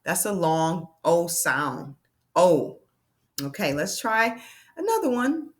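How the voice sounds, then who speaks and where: A woman's voice: lowish voice, sing-song. Woman teaching phonics, sounding out vowels. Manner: slow, drawn-out sounding of letters and vowel sounds; encouraging, checks in with "okay?". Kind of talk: children's phonics lesson.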